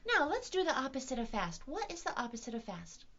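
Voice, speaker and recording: A woman's voice: high voice, huge pitch swings, brisk, a bit bright, highs cut off. A woman leading a virtual storytime for young children, talking in a sing-song, exaggerated, playful teacher voice. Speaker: children's librarian.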